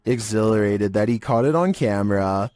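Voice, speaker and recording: Monotone man narrating creepy clips. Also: fairly low pitch, moderate pace, dry recording. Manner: monotone delivery. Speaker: narrator of creepy video countdowns. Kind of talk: scripted narration.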